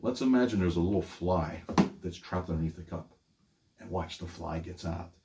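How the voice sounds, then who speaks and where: Chatty older magician from Pittsburgh. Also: male voice, low voice, normal speed, very noisy. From Pittsburgh, USA. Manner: upbeat, chatty, laughs often. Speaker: magician and ventriloquist host. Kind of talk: casual teaching demonstration.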